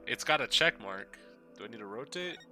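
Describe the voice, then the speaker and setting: Blunt, foul-mouthed male streamer; everyday mid pitch, game music behind. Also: lively intonation, brisk, pushed and bright. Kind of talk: live game playthrough commentary.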